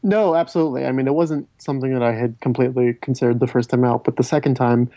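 A man's voice: medium pitch, steady tone, fast, mellow, dry recording. A man hosting a casual film discussion podcast, rambling and often restarting his sentences. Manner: rambling, self-interrupting, stammers on restarts. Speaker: podcast host.

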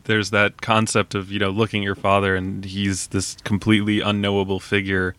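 A man's voice: on the low side, fairly bright tone. A man hosting a casual podcast about a film, talking in a hesitant way with frequent laughs and fillers. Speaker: podcast host.

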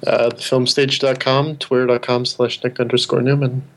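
A man's voice: mid-range voice, level tone, moderate pace, fairly bright tone, slight background noise. A young man co-hosting a film podcast, hesitant with many fillers. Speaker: podcast co-host. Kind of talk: casual film podcast chat.

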